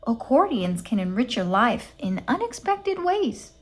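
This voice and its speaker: A sugary, piping phone clerk, as a woman puts her on, sweet to the point of grating. She chirps every line up high with a lively, bouncing lilt, like a storybook caller who will never budge. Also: a little slow.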